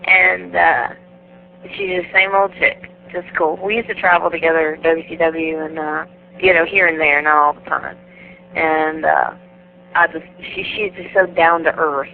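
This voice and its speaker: Animated woman telling stories over the phone. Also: low-pitched, unhurried, vocal fry. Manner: animated, laughing, acts out the voices in her stories. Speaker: guest wrestler. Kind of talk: casual storytelling interview. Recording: tinny phone line, faint hiss.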